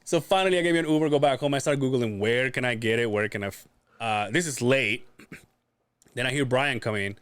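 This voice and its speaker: Male podcast co-host, mid-pitch, expressive storyteller, heavy swearing, dry studio sound. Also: brisk, clean tone, no echo. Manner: swears often, acts out quoted voices. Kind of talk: casual storytelling chat.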